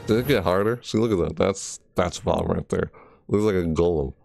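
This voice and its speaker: Faint music plays behind a man whose gravelly, somewhat mellow voice sits low and moves fairly quickly. A gaming video creator, he rambles through a casual game trailer reaction, correcting himself and breaking into shrieked character impressions.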